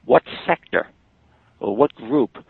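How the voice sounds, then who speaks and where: Older new guy, gravelly low voice, rambling stories, sounds like he's on a phone. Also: expressive, takes it slowly, no room sound. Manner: storytelling, emphatic, many fillers. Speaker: interview guest, market technician. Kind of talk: podcast interview. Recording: dry, tinny phone-like line.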